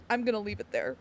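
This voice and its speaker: A woman in casual live-stream chat from home, her voice sitting high. She rambles, giggles often and turns to address her chat as she goes.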